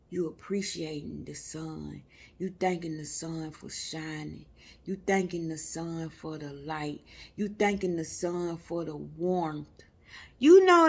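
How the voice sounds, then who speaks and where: A woman giving an unscripted spiritual teaching, speaking to her listeners in a repetitive, preacherly way and sometimes dropping to a hushed near-whisper. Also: lowish voice.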